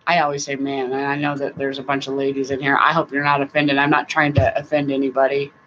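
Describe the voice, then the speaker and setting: A middle-aged woman hosting a casual live-stream chat, rambling warmly, laughing often and now and then breaking into song. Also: extremely low pitch, completely flat delivery, quick pace. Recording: dull lo-fi sound with faint noise.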